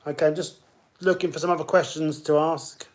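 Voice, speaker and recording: Casual male quiz host, upbeat and higher-pitched, chats with players between questions. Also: little pitch movement, a little fast. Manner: chatty, greets players by name between questions. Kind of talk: live-streamed pub quiz hosting.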